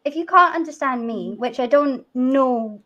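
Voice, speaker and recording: Laughing Scottish woman, slow and high. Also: sharp tone, lo-fi sound. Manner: chatty, laughs often between remarks. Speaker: host. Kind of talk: casual chat.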